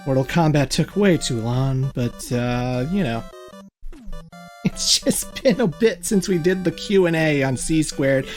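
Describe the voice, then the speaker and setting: A chatty, jokey podcast host talking games with a co-host, laughing easily between points. The voice sits at an ordinary middle pitch. Soft music plays faintly underneath. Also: animated, measured pace. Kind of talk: casual gaming podcast chat.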